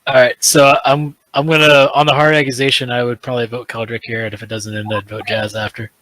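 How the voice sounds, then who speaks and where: Calm man organizing a gaming group. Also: mid-range voice, fast, poor audio. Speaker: gamer on a group voice call. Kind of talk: casual gaming chat.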